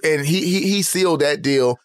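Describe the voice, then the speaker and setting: A man with a slightly high voice, chatting with a lot of playful emphasis as a podcast co-host. His voice sounds close and dry, with almost no room. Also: moderate pace, dry recording. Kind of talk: casual chat.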